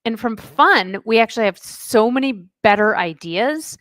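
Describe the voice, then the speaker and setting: A middle-aged woman, a life coach, telling a lively personal story as a podcast guest, acting out the dialogue. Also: on the high side, moderate pace, no room sound. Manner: chatty, animated storyteller who acts out dialogue. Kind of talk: casual interview storytelling.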